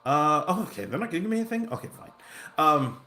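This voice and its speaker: Man, game streamer, bright slightly high voice, rambling storyteller, casual chat. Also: sing-song, quick pace. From Southern California. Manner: rambling storytelling, many fillers and restarts, reacts to the game. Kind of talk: casual livestream chat while playing.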